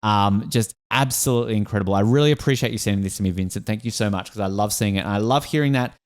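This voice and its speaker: Fast-talking Australian man, podcast host. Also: fairly low pitch. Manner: enthusiastic, emotional, many restarts. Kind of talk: casual podcast chat.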